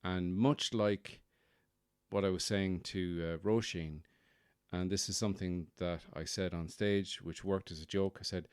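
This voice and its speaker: A man's voice: low-pitched, fairly even intonation, a little slow, smooth, dry recording, studio quality. A man hosting a podcast, rambling wryly and poking fun at himself in a casual monologue. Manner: wry, self-deprecating, rambling. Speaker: podcast host.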